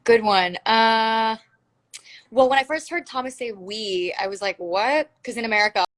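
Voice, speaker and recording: A woman's voice: fairly high pitch, normal speed, a bit bright. A woman chatting casually as a guest on a phone livestream, gushing and giggly, full of "like" fillers.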